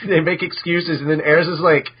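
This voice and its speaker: Animated man recapping episodes, lo-fi. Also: moderate pace, husky. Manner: animated, jumps into high squeaky voices for characters. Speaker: podcast host. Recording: dull lo-fi podcast audio.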